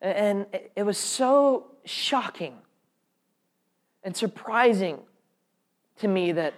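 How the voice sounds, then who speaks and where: A man's voice: high-pitched, expressive, slow pace. A man telling an audience his personal faith testimony in an earnest, heartfelt way. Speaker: speaker sharing a testimony.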